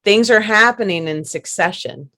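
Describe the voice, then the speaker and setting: A woman hosting a casual podcast conversation, chatty and quick to laugh, often restarting and repeating her words. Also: medium pitch, sharp tone. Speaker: podcast host.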